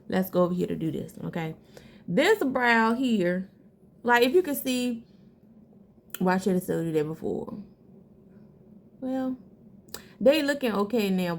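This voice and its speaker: A woman's voice: medium pitch, vocal fry, a little mellow. A woman talking viewers through her eyebrow routine in a casual, chatty way, calling them girl and sis. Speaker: beauty vlogger. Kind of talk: casual makeup tutorial.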